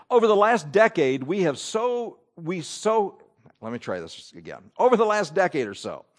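Man, pastor, sermon, animated preaching, slightly high voice, lively intonation. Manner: animated preaching with rising and falling emphasis.

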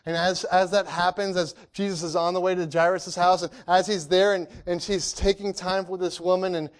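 A man preaching a sermon, earnest, asking rhetorical questions, repeating phrases and restarting often, swinging from loud emphasis to hushed lows. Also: flat delivery, moderate pace.

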